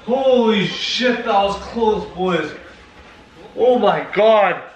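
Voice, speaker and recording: A man reacting live to a hockey game, shouting, cheering and swearing. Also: sits high, drawn-out words, echoey room, dull audio, a little hiss or hum.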